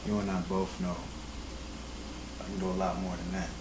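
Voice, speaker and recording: A man voicing a cheating husband who dodges and stammers and pleads for calm. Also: sits low, moderate pace, far from the mic, lightly acted. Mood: smooth. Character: cheating husband, evasive and smooth-talking. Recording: echoey room, off-mic, noisy.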